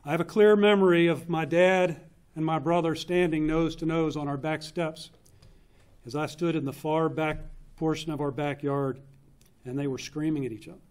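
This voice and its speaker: A man's voice: fairly high pitch, fairly even intonation, normal speed, a little mellow. Man in his fifties giving a eulogy. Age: 50s. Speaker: eulogist, younger brother of the deceased. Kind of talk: memorial eulogy, personal storytelling. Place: funeral home chapel.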